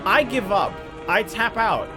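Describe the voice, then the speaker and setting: A man riffs through a movie reaction in a casual, rambling way, his slightly high voice swinging widely between disbelief and muttered asides. Film music plays clearly underneath him. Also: expressive, measured pace. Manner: incredulous, exasperated, rambling asides. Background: movie audio playing.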